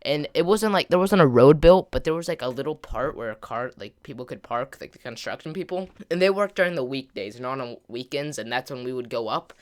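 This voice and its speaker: Rambling young-sounding gaming host, smooth voice. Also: male voice, medium pitch, brisk, hardly any pauses. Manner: rambling, peppered with filler words and mild slang; grows louder and more excited as the story climaxes. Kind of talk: casual storytime over gameplay.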